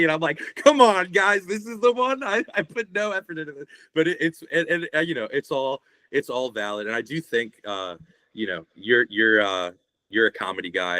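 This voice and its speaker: Laid-back young man with a bright voice. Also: fairly low pitch, dry recording. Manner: rambling, laid-back, swears often. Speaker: guest, shirt artist. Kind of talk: casual podcast conversation.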